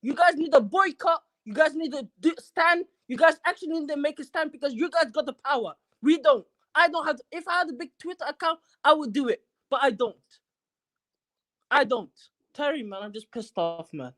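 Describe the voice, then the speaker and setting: A man's voice: very high-pitched, expressive, normal speed, fairly bright tone, dry recording, rough recording. Ranting male caller, agitated. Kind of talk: angry fan phone-in rant.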